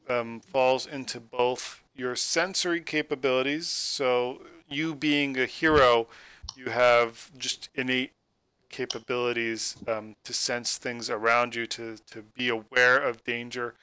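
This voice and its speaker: A male game master walks players through the rules of his tabletop game, stopping and restarting with plenty of ums and uhs. His voice is bright and clean, and the sound is dry and close on a computer mic over a call. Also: mid-range voice, smooth, no echo. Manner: rambling, halting with many fillers.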